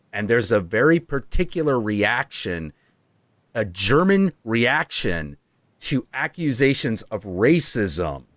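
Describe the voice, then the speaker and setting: A man hosting a casual podcast, explaining at length with animated asides. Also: mid-range voice, no echo, studio quality. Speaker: host.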